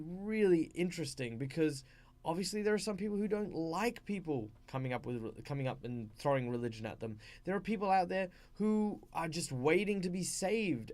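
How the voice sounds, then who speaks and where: A man's voice: a little high, a little mellow. Rambling Australian guy explaining game tips. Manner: rambling, with frequent fillers and restarts. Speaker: channel host. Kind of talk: casual explainer of tabletop role-play tips.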